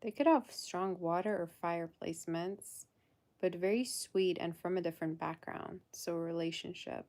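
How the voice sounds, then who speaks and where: A woman's voice: on the low side, moderate pace, a little mellow. A woman doing a live tarot reading in a loose, chatty way, full of fillers and calling the listener "girl". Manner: loose, fillers and half-sentences. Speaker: tarot reader.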